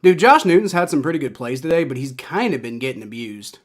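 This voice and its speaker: A fast-talking young man with a medium-pitched voice reacts live to a football game play by play. He gets excitable and swears as each play unfolds.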